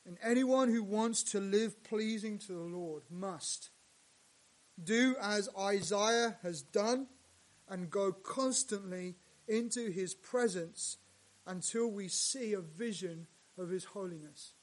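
A male pastor preaching a sermon, dropping to hushed lines and rising to loud, emphatic ones. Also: high-pitched, slow.

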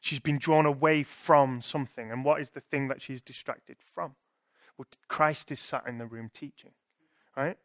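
A man's voice: medium pitch, fairly even intonation, normal speed, dry recording, clean studio sound. A young man giving a sermon in a conversational way, thinking aloud with restarts and asking "right?" to his listeners. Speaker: preacher.

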